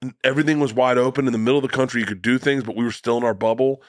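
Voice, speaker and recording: A man's voice: medium pitch, steady tone, rapid-fire, no echo, studio quality. A middle-aged man, a guest comedian, telling rambling, profane anecdotes in casual conversation.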